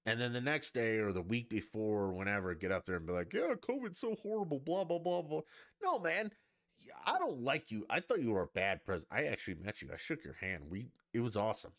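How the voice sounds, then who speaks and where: Man, podcast host, low voice, lively swooping delivery, profane sarcastic rant. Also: fast, few pauses. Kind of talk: ranting solo podcast monologue.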